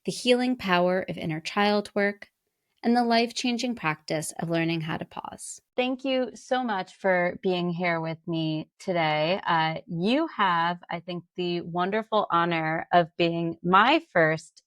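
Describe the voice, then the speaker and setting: A woman's voice: lowish voice, a little slow, a bit bright, no room sound. A woman hosting a podcast interview, reading an introduction and then chatting with her guest in an easygoing way. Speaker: podcast host.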